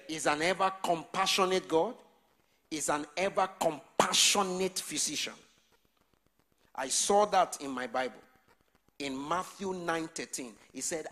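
A man preaching a sermon, calling on the congregation to answer him and building up to shouts. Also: fairly high pitch, expressive, a little slow. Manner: call-and-response preaching, swelling to shouts.

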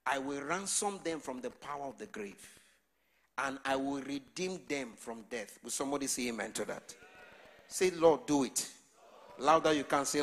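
A man preaching a sermon, calling on the congregation to answer him and building up to shouts. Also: medium pitch, expressive, normal speed. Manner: call-and-response preaching, swelling to shouts.

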